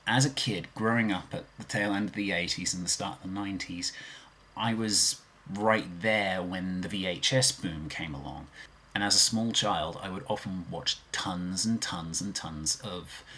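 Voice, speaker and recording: A man's voice: low voice, a bit bright, slight background noise. A man in his twenties with a Birmingham accent, rambling in a self-deprecating way in a casual vlog. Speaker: vlogger.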